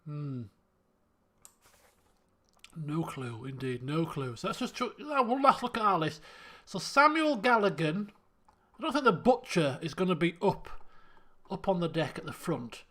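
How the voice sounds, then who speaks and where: A man's voice: a little high, sing-song, a little slow, a bit bright. A man streaming a detective game, thinking aloud and muttering to himself as he works through clues. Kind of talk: let's play commentary.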